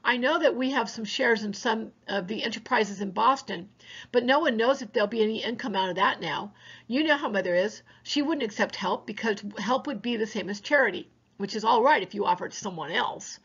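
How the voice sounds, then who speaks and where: A woman, a teacher, reading a novel aloud for her students in a plain, unhurried way, with small slips she corrects. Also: a little high, a bit bright, breathy edge, highs cut off.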